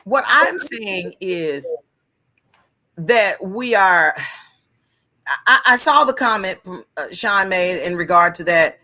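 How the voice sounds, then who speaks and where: Woman, bright tense voice, very slow, hesitant, podcast co-host. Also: medium pitch, lively intonation. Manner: hesitant, restarts her sentences. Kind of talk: casual podcast discussion.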